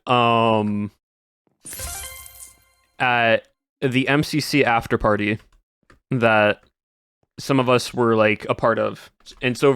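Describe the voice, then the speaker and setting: A man's voice: mid-range voice, a bit bright, clean tone, dry recording. A man streaming, chatting casually to his viewers in a rambling way with lots of "like" and restarts. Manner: rambling, full of "like" and restarts, laughs often.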